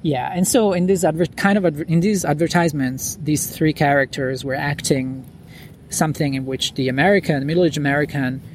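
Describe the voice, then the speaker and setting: A man's voice: fairly high pitch, brisk. Man, podcast guest, rambling casual talk, outdoors on a lawn at night, faint background noise. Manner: rambling, many fillers and restarts. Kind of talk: casual interview chat.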